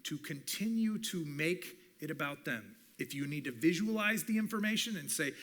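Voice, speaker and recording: A middle-aged communications professor gives a teaching talk at church in a bright, forward voice that's a bit high for a man. He's animated, making his points by quickly acting out snippets of dialogue.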